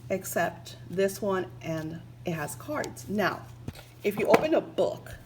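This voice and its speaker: A woman's voice: medium pitch, expressive, slow pace, very noisy. Gushing woman spiritual vlogger. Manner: gushing, emotional, full of fillers. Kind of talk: casual spiritual vlog with reading aloud.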